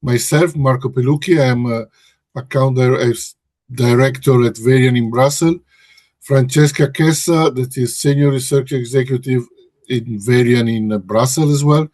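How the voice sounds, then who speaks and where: A man presents a webinar as host and research director, working from a Brussels office. His medium-pitched voice is steady and darkish, moving at a moderate pace, though he hesitates and corrects himself often. The audio has no echo.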